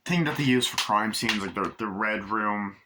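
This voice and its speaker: A man's voice: fairly low pitch, moderate pace, noisy background. A man recapping a movie in a casual, rambling way, swearing often and acting out scenes with sound effects. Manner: rambling, profane, full of sound effects and impressions. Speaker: movie reviewer.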